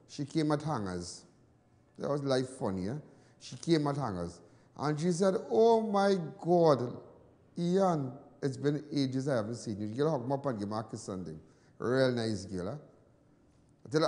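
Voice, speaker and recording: A Trinidadian man hosting a news show, telling personal stories in casual commentary, animated and then low and soft when sad. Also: long reverb tail. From Trinidad and Tobago.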